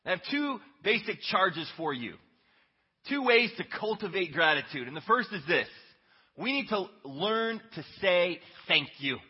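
A man preaching a Sunday sermon, telling a story in an earnest, conversational way that swings between hushed and emphatic. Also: high-pitched, very animated, a little slow, husky. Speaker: pastor. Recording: echoey hall, dull lo-fi sound.

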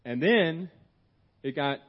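A man's voice: a little high, expressive, takes it slowly. Rambling middle-aged man preaching in church. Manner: rambling and conversational, with many restarts and acted-out quotes. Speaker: guest preacher. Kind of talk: sermon told as a personal story. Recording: dull, muffled church sermon recording.

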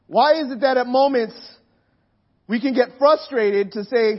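A hoarse man preaching a sermon to a congregation, impassioned, sinking to a hush and then swelling to near shouts. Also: very high-pitched, a little slow, dull audio. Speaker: pastor. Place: room with a gathered congregation.

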